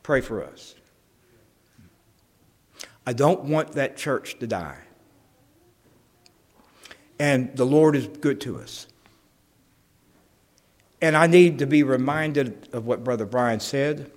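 Folksy preacher in a reverberant hall. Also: male voice, mid-range voice. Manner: folksy, jokey, acts out conversations. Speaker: pastor. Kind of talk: sermon.

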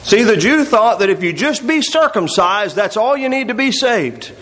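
Male pastor, high-pitched, expository sermon that quotes scripture. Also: very animated, moderate pace, a bit bright, poor audio. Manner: expository preaching, reading scripture aloud.

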